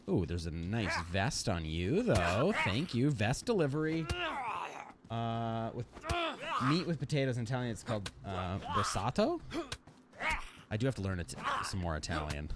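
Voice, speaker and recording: A Canadian man streams a survival game and chats casually with his viewers. His voice sits fairly low but swings widely in pitch, jumping up when he gets excited. A faint noise runs under the recording. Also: moderate pace. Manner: chatty, answers chat, drops to a murmur when sneaking. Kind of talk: casual livestream chat while gaming.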